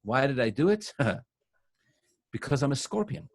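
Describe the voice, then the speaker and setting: A man's voice: medium pitch, sing-song, measured pace, vocal fry, exaggerated voice. A man voicing a cocky, scheming male scorpion in a told fable, smug and matter-of-fact.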